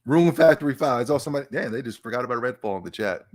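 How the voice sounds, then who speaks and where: A man hosting a casual livestream podcast, excitable and stammering, talking to his live chat. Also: medium pitch, very fast. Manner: animated, excitable, repeats and stammers. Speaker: podcast host.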